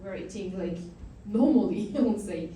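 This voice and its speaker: A woman's voice: mid-range voice, normal speed, warm tone, slight background noise. A young French woman with a French accent, talking as a guest in a fireside chat and laughing often. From France. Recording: echoey hall, mic at a distance.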